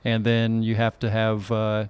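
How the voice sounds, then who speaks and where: A man's voice: on the low side, monotone, a little slow, darkish tone, clean tone, no echo. A middle-aged man hosting a podcast, chatting casually and rambling a little with restarts. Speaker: podcast host. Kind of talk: casual chat.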